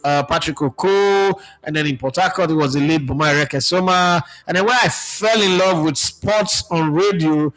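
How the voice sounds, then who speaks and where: A Nigerian sports radio presenter speaking in a casual, animated monologue, mixing in pidgin phrases as he reflects. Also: fairly high pitch, moderate pace, hardly any pauses, low-quality recording.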